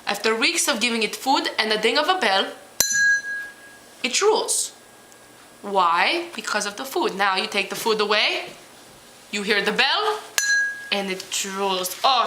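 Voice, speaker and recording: A woman's voice: mid-range voice, roomy sound, noisy background. A young woman playing an eccentric female psychology professor, lecturing with theatrical, overly formal delivery in a homemade comedy sketch. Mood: fussy. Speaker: mock lecturer.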